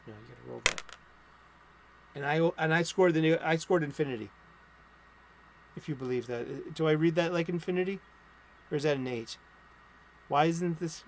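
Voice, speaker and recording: This American streamer talks comics from his home studio, meandering through the latest releases and erupting now and then into angry, foul-mouthed rants. His pitch is fairly high, his pace moderate, and he pauses often.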